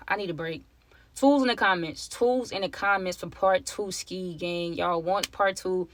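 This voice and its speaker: A woman's voice: fairly low pitch, a little slow, a little hiss or hum. A woman vlogger telling her viewers a tense personal story in casual speech. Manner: emotional storytime, addresses viewers as y'all.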